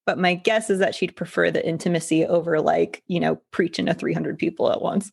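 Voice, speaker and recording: A woman's voice: on the low side, fairly even intonation, brisk, creaky, husky. A woman who is a life coach, speaking as a podcast guest in a thoughtful, reflective way. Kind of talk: casual interview chat.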